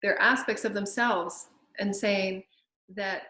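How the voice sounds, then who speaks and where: A woman medium leading a spiritual channeling session, speaking softly and gently in flowing phrases with many pauses. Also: mid-range voice, steady tone, echoey room, low-quality recording.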